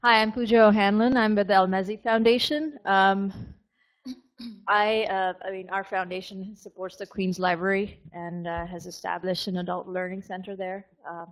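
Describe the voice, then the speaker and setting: A woman from a foundation introduces herself in a relaxed, slightly hesitant way. Her voice is mid-pitched. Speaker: foundation staffer. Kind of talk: casual introduction.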